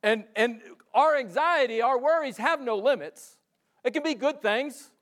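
A man with a notably high voice delivers a sermon to his church. His preaching is loose and chatty, and he slips into character voices to act out the stories he tells. He sounds like a pastor talking straight to his congregation. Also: unhurried, fairly bright tone. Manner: conversational preaching, acts out quoted voices.

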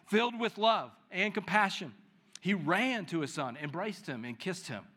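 Man, pastor, sermon, bright tense tone, animated scripture reading. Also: high voice. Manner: reads scripture with lively dramatic emphasis; prays softly and slowly. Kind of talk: sermon with Bible reading and prayer.

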